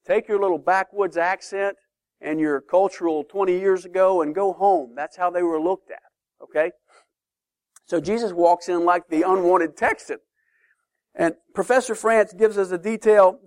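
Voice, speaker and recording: Emphatic high-voiced male preacher. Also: moderate pace, no room sound, clean studio sound. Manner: lively, emphatic, asks the class questions. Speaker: pastor or Bible teacher. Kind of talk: teaching sermon.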